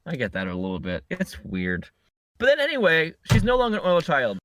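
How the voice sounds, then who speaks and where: A man's voice: a little high, huge pitch swings, a little fast, a bit bright, slight background noise. A man co-hosting a podcast, recapping a movie in a rambling, joking way and often correcting himself. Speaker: podcast co-host. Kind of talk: casual chat recapping a movie. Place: podcast recording setup.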